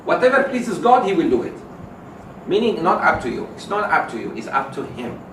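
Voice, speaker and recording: Animated preaching imam in an echoey hall. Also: male voice, on the high side, a little fast, background noise. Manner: animated storyteller, swings from loud exclamations to soft asides. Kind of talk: sermon with storytelling. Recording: echoey hall, mic at a distance.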